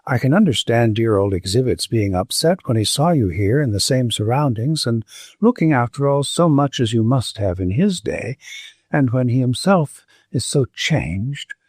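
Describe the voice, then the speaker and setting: A man voicing an affectionate young adult daughter, gentle and earnest in her speech. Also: mid-range voice, lively intonation, moderate pace, no room sound, clean studio sound. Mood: tender.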